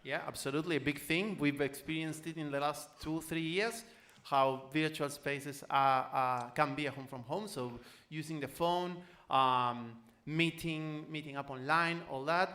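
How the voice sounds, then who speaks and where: Bright-voiced male radio presenter. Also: a little high, steady tone, unhurried. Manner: affirming, leads the talk with questions. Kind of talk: casual radio discussion. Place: radio studio.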